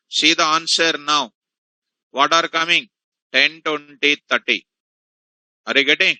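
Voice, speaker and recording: A man's voice: on the high side, sharp tone, no echo, low-quality recording. A man teaching a programming class, repeating points and quizzing his students with rhetorical questions. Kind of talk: classroom lecture.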